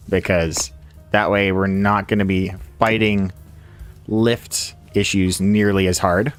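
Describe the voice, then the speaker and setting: Male streamer, low voice with a lively swing, casual play-by-play, quiet music underneath. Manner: chatty, laughs often, talks to himself while playing. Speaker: game streamer. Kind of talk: casual live-stream commentary. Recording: faint music behind.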